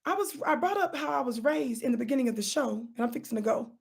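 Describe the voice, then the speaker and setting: A woman hosting her own show, giving an animated, preachy commentary monologue, repeating words for emphasis and teasing her listeners with bursts of laughter. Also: high-pitched, fast talker, creaky, breathy edge. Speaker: talk show host.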